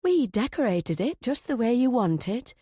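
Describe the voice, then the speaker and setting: An older aunt with a soft, cooing, motherly way of talking, as a woman reads her. The voice is mellow and warm, recorded close and dry. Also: on the high side, sing-song, measured pace, husky, no echo, voice pushed up, heavily acted.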